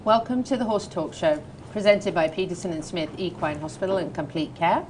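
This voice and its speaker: A woman's voice: lowish voice, a little fast, a little mellow, slight background noise. Chatty English woman hosting a show. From England. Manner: chatty, laughs easily, playful. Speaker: talk show host. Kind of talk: casual chat and news reading. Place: studio.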